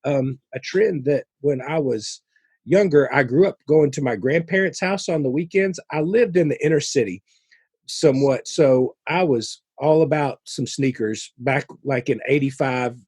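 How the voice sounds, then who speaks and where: A man co-hosting a podcast, telling stories in a casual, animated way with playful asides. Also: medium pitch, normal speed, slightly rough, no echo, clean studio sound. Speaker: podcast co-host.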